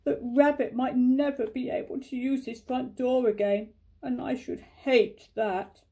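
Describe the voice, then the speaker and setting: A gentle, muddled little bear, as a grandmother reads him aloud. He speaks in a slow, plaintive way with a soft, mellow tone, drawn out as if thinking hard. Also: sits high, fairly even intonation. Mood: anxious. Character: gentle, greedy, muddled young male bear.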